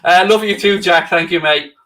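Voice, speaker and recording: A man's voice: high-pitched, normal speed, bright, forceful tone. A middle-aged Irish man co-hosting a football stream, chatting casually and teasing viewers with sarcasm. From Ireland. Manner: banters with chat, sarcastic and teasing. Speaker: co-host of football watchalong stream. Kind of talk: casual live-stream chat.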